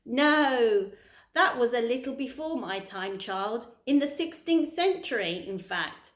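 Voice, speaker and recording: A woman voicing a kindly, polite old male tramp with gentle, old-fashioned manners, in a roomy-sounding recording. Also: on the high side, expressive, slow. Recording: roomy echo.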